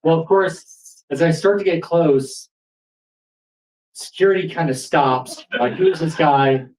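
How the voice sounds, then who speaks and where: A man telling a true story at a live storytelling event in a pub, animated and building excitement. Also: on the high side, takes it slowly, recorded from a distance, a little hiss or hum, rough recording. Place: pub stage before an audience.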